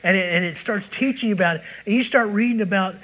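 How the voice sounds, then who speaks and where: In poor audio, a man with a high, sharp voice preaches fast at a church service. His sermon is rambling and conversational storytelling that blends in his testimony, with lots of restarts.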